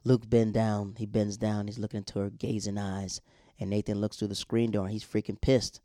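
A man's voice: lowish voice, little pitch movement, normal speed, mellow, no echo, clean studio sound. A man casually recapping a TV episode in a slangy, laid-back storytelling way.

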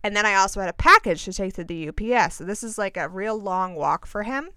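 A woman's voice: mid-range voice, animated, fast talker, sharp tone, clean tone, dry recording, studio quality. A young woman telling a rambling, self-deprecating story in casual chat, with many asides and restarts. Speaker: podcast host.

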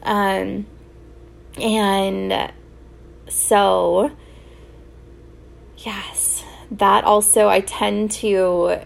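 A woman's voice: mid-range voice, little pitch movement, drawn-out words, creaky, pauses often. A young woman hosting a solo podcast, telling personal stories in a candid, emotional way with many fillers and restarts. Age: young adult. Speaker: podcast host.

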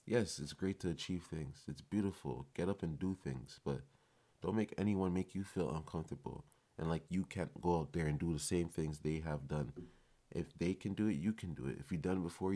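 A man's voice: deep voice, warm tone. A man delivers a loose motivational monologue on his podcast. He talks casually and with emphasis, and he swears freely. He comes across as loose and fired up. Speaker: podcast host.

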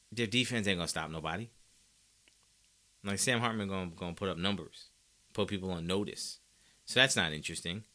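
A man's voice: low-pitched, sharp tone. A man hosting a sports podcast, giving emphatic, opinionated commentary straight to his listeners.

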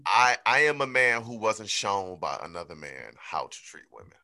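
Talking at a moderate pace in a fairly low voice, this man co-hosts a podcast and opens up reflectively about how he's grown. He becomes animated when quoting himself, recorded dry in clean studio sound.

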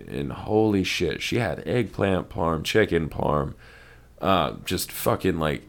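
A man hosting a podcast, talking casually in a loose, rambling way with lots of swearing. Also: low voice. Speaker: podcast host. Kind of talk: casual chat.

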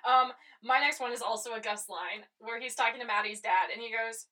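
Giggly young woman, bright voice. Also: fairly high pitch, a little fast, hardly any pauses. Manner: giggly, animated retelling with quoted reactions. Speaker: podcast co-host. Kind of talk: casual chat.

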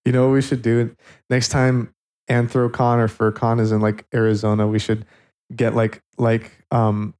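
A man's voice: mid-range voice, completely flat delivery, moderate pace, a little mellow. A young man co-hosting a casual podcast, joking, teasing his friends and swearing freely on a cheap mic. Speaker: podcast co-host. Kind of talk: casual chat. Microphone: cheap microphone.

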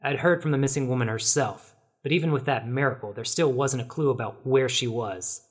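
A man as a husky, wry noir detective. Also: mid-range voice, brisk, close to an everyday voice. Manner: wry, deadpan, sardonic. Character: wisecracking hard-boiled male detective. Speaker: narrator and detective lead. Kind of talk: noir comedy narration.

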